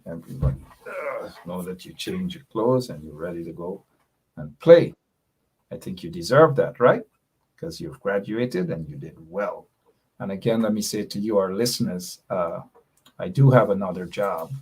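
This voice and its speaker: A man's voice: low-pitched, lively intonation, moderate pace, a little mellow, breathy edge. A man with a Guyanese accent hosting a radio talk show, mixing chuckles with emphatic, repeated points. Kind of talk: casual political commentary.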